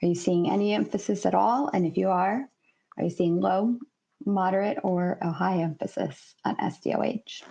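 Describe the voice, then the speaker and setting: Gravelly, mellow-voiced woman moderating a webinar. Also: mid-range voice, steady tone, dull audio. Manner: polite, measured, repeats questions to the audience.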